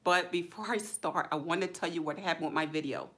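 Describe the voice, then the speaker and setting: A woman hosting a casual YouTube livestream, chatting informally and greeting viewers by name with excited exclamations. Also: lowish voice, fairly quick. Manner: relaxed, drawling, informal speech.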